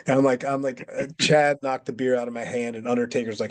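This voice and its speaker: A man's voice: medium pitch, fast talker, hardly any pauses. A middle-aged man, a retired pro wrestler, telling a story in a casual way with lots of fillers and acting out the quotes of the people in it. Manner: animated, acts out quotes, many fillers.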